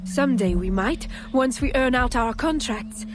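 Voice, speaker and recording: An actress playing a brainwashed worker in a video game who insists everything is happy, with music underneath. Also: female voice, fairly high pitch, normal speed, noisy background, close to an everyday voice. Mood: serene. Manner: soft, insistently content speech. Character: brainwashed woman worker, eerily cheerful.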